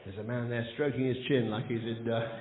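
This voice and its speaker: Heard on a tinny, noisy radio recording from an echoey hall, a man from the south of England with a steady, medium-pitched voice hosts a live comedy chat show. He fires off puns rapidly, plays around, and shouts to the crowd as he jokes with the audience.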